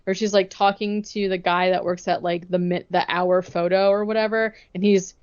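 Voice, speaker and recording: A woman co-hosting a podcast, recapping a movie plot in a casual, chatty way and acting out the characters' lines in quick bursts. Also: lowish voice, flat delivery, darkish tone, smooth, muffled recording. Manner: chatty, retells scenes with quick acted-out quotes. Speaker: podcast co-host.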